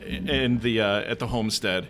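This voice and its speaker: A man's voice: fairly low pitch, moderate pace, a bit bright. A man appearing as a podcast guest, chatting casually in the upstairs room of a pub and tossing in sarcastic asides.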